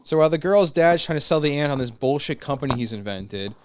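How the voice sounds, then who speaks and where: Smooth-voiced man recapping a movie. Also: a little high, lively intonation, fast, no room sound. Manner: profane, rambling retelling of a plot. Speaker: podcast co-host. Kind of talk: casual comedic movie recap.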